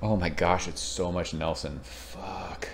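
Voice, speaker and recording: Very deep-voiced chatty beer reviewer man. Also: slow pace, a little hiss or hum. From Southern California. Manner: chatty, rambling, excitable, swears casually. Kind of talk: casual beer review vlog.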